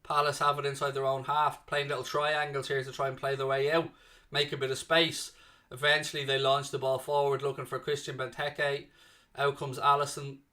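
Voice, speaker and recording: In a mid-range voice at normal speed, a young host runs a live fan watchalong. His commentary is chatty and excitable play-by-play, broken up by reading chat messages aloud to viewers.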